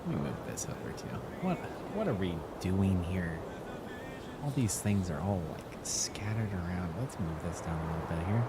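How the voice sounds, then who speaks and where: Deep-voiced laid-back male streamer. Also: lively intonation, normal speed, very noisy. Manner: laid-back, chatty, greets viewers by name. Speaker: gaming livestream host. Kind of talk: casual live stream chat. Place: home streaming setup. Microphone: desk mic, moved close. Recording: music playing under the voice.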